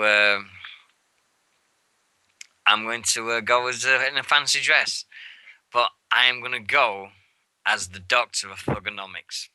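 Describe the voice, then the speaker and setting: A man co-hosting a wrestling radio show, chatting casually and excitably, swearing and acting out moments. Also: fairly low pitch, clean tone, no room sound, poor audio. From England. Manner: rambling and excitable, swears freely, acts out moments. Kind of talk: casual show recap chat. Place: radio studio.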